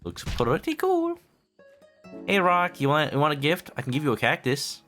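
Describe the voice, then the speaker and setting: A man's voice: a little high, fast talker, bright, forceful tone, soft background music. Rambling, joking male game streamer. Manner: rambling, joking, self-interrupting. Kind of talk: casual live-stream commentary.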